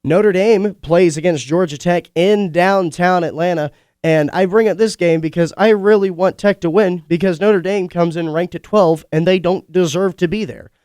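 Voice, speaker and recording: A young man hosts a college radio sports show. His congested voice still comes through smooth and clear, sitting a little high for a man. The studio sound is dry and close, and he talks in a chatty, opinionated way with quick asides. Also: darkish tone, no echo. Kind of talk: casual sports talk monologue.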